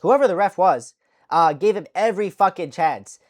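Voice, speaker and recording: A woman's voice: fairly low pitch, animated, moderate pace, a little mellow. A woman hosting a casual fight recap vlog, talking in a profane, rambling way and correcting herself as she goes. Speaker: MMA channel host.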